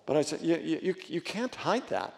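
Male pastor, somewhat high voice, earnest conversational sermon, long hall reverb. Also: very animated, moderate pace, vocal fry, a little mellow. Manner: earnest, conversational preaching with frequent restarts and rising emphasis.

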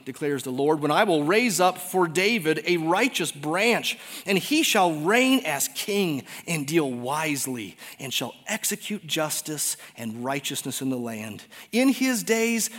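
Preacher, male, somewhat high voice; swings from loud exclaims to hushed near-whispers; long church-hall reverb. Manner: reads scripture aloud dramatically. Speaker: pastor. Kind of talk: sermon.

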